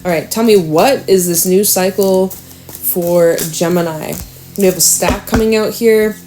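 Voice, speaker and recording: A woman giving a casual tarot reading, chatty and excitable, swearing and laughing now and then. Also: mid-range voice, measured pace, faint music behind. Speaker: tarot reader.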